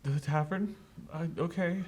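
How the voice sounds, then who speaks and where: A man's voice: a little high, steady tone, measured pace, darkish tone, slight background noise, voice pushed up, close to an everyday voice. A man voicing a frightened cursed young farm boy who stammers, sobs and pleads. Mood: terrified pleading.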